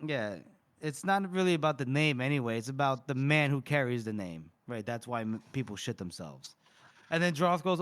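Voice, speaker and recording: A man with a somewhat high voice chats casually on a podcast, recapping a novel. He slips into quoted dialogue and laughs often as he goes. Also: normal speed. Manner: animated, acts out characters' lines with laughter. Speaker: podcast co-host. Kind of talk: casual book discussion, retelling scenes.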